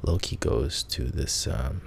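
Low, gravelly man half-whispering a bedtime story. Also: animated, a little hiss or hum. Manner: meandering and unhurried, with casual restarts. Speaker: sleep story host.

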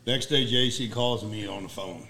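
A man in a casual chat with friends, jumping in loud and profane to tell his side of a story. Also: medium pitch, normal speed, a little hiss or hum.

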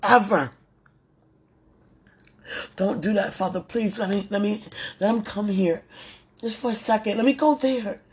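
Woman praying out loud, slow and pleading, kinda husky, says stuff over and over. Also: medium pitch. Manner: pleading and tender, with many repeated phrases. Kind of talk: emotional spoken prayer.

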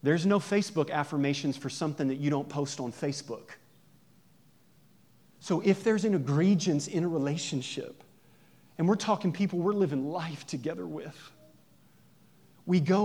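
A man's voice: on the high side, moderate pace, long pauses, a little mellow. A man pastor preaching a conversational sermon, joking and asking his listeners many questions.

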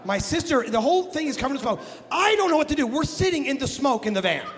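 A man from the Midwest, a guest pastor telling a comic story in a sermon, animated and jokey with bursts of shouting. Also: very high voice, fast talker. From American Midwest. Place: church sanctuary. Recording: long hall reverb in a church.

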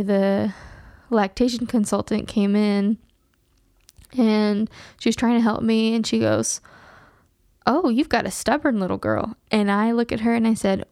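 Young woman with a gravelly edge, chatting. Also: mid-range voice, dark tone, no echo, studio quality. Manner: earnest and open, with laughter and quick asides. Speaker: podcast host. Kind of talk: casual chat.

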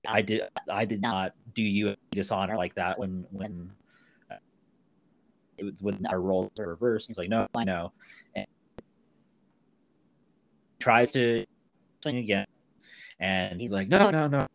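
A man's voice: on the low side, steady tone, a little slow, creaky, long pauses. A man co-hosting a podcast, casually retelling a film's plot and acting out the characters' lines in a raised voice. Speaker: podcast co-host. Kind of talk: casual film discussion.

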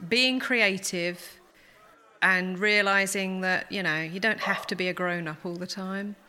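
Giggly woman, bright voice. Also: medium pitch, unhurried. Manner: giggly, cheerful. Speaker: podcast guest, cake maker. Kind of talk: casual chat.

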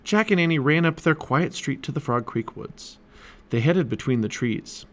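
Man reading a storybook aloud, animated. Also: fairly high pitch, normal speed. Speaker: storybook reader. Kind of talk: family read-aloud narration.

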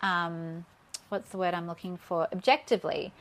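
A woman's voice: on the low side, steady tone, moderate pace, fairly bright tone. An Australian woman in her thirties, a guest telling a personal story in an interview, candid and a little shaky with nerves.

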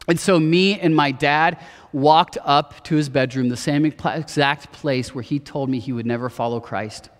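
A man's voice: fairly high pitch, moderate pace. Man in his thirties preaching in a reverberant hall. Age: 30s. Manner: earnest personal storytelling, drops soft for quotes. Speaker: pastor. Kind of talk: sermon. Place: church auditorium. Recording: long reverb of a church hall.

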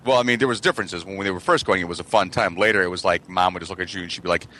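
A man's voice: sits low, rapid-fire, a little hiss or hum. A man telling profane childhood stories in a casual podcast chat. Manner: profane, animated storyteller. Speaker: podcast co-host.

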